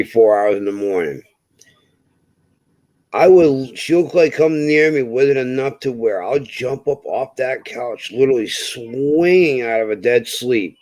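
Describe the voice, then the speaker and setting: Man, casual chat, swears a lot, dry unechoing voice, average pitch. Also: a little mellow, dry recording, rough recording. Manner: laid-back storyteller, swears freely. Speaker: homestead channel host.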